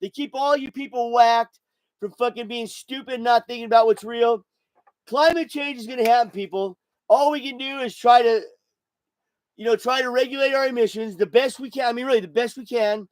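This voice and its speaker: A man's voice: extremely high pitch, moderate pace, no echo, low-quality recording. A man in his sixties hosting a podcast, rambling and swearing through a casual monologue while buzzed and intoxicated. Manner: rambling, profane, repeats himself. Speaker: podcast host.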